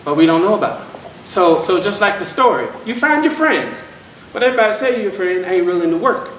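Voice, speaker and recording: A man's voice: high-pitched, lively intonation, a little fast, fairly bright tone, a little hiss or hum. A man telling history and a folk tale live to an audience, folksy and calling the crowd y'all, heard from far off in an echoey room. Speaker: storyteller. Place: historic site event.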